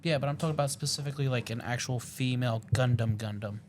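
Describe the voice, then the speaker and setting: A man with a mid-range voice co-hosts a casual podcast chat and rambles excitedly, stopping and restarting his sentences. Faint noise runs under his voice. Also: medium pitch, fast. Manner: rambling and excitable, with frequent fillers and self-corrections. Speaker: podcast co-host.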